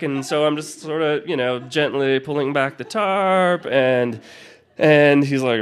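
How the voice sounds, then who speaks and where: A man's voice: mid-range voice, a little slow. A man telling a personal story live, rambling and self-deprecating, with many restarts and asides.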